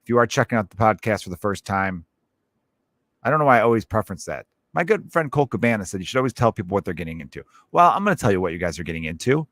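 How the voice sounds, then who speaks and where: A man's voice: lowish voice, big pitch swings, racing, fairly bright tone, dry recording. A man hosting his own comedy podcast, ranting casually with lots of swearing and rambling asides. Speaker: podcast host.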